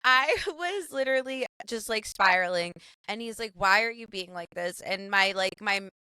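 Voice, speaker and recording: A giggly, animated woman in her thirties swapping stories on a chat podcast. Her tone is forceful and smooth. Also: medium pitch, moderate pace, dry recording, rough recording. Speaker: podcast co-host; mother. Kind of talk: casual chat.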